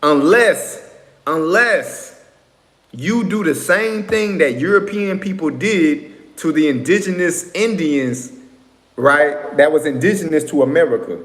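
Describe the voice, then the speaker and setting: A man's voice: on the high side, animated, slow pace, a bit bright. A man talking straight to viewers in a rambling, lecturing way, often checking in with "right?" and "you know what I'm saying". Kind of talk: casual monologue to viewers. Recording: echoey room with long reverb.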